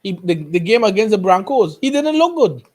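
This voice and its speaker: A man's voice: sits high, sing-song, brisk, a little mellow. A man co-hosting a casual football talk stream, rattling off player names and stats. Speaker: co-host.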